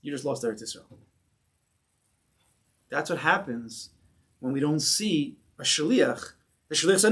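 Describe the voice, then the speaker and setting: Male rabbi, slightly high voice, lively teaching style, acts out stories. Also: a little slow, long pauses. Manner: animated, acts out stories, rhetorical questions. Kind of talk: conversational Torah class.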